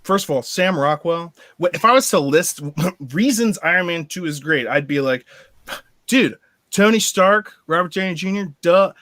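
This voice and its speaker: An excitable man on a fan discussion show, talking fast and laughing as he acts out lines. His voice sits a little high for a man. The sound is close and dry, with no room around it. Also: no room sound. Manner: excitable, laughs often, acts out movie quotes. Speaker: podcast host. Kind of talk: casual movie discussion.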